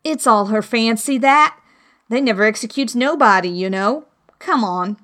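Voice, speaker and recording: A woman voicing a male griffin, a rough-spoken, chuckling creature who talks briskly in broken grammar. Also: fairly high pitch, a bit bright, lightly acted. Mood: gruffly amused. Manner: brisk, ungrammatical, rough speech.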